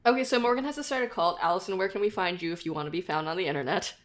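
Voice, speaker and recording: A woman's voice: on the low side, very fast, slight background noise. A woman hosting a podcast who banters playfully, laughs easily, and runs through the show's closing credits. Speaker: podcast host. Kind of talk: casual chat.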